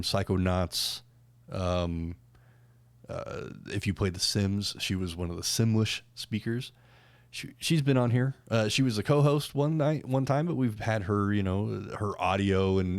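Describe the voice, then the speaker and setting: A man's voice: fairly low pitch, no room sound. A man hosting a podcast in casual chat, rambling with lots of fillers and restarts. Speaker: podcast host.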